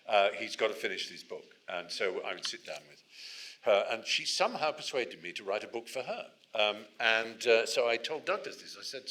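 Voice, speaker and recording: An Englishman giving an animated, digressive talk to a university society audience, often restarting his sentences. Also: on the low side, a little fast. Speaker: guest speaker.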